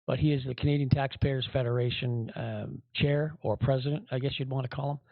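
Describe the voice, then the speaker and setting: A man's voice: medium pitch, steady tone, brisk, creaky, no room sound. A man hosting a podcast, giving rambling, indignant commentary with many fillers. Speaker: podcast host. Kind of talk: casual commentary. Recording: tinny phone-like audio.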